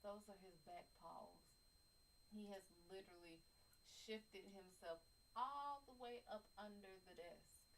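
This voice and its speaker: A woman hosting a casual live stream, chatting and reading a poem aloud with careful, deliberate pronunciation. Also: medium pitch, a little hiss or hum, poor audio.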